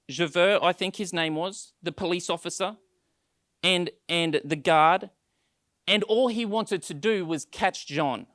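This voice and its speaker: A man preaching a sermon with a voice that sits a bit high for a man. He tells stories and acts out the lines of the people in them, often stumbling over the first word of a sentence. The sound is dry and close, with no room echo. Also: a bit bright. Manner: storytelling with acted quotes, repeats words when starting sentences. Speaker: pastor.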